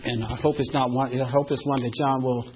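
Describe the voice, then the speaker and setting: A man's voice: medium pitch, flat delivery, fairly quick, a little hiss or hum. An older man speaking at a recovery meeting, giving heartfelt personal testimony with earnest, emotional storytelling. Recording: dull lo-fi recording.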